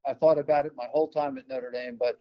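An older man from New York telling a personal story as an interview guest, relaxed, with many fillers and restarts. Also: mid-range voice, fast, lo-fi sound.

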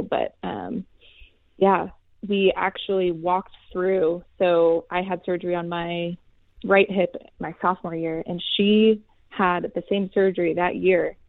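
A young woman in her twenties, a former college athlete, giving an earnest faith testimony as a guest, soft-spoken with many pauses. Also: lowish voice, vocal fry, no echo. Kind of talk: heartfelt faith testimony in an interview. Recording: tinny phone-like line.

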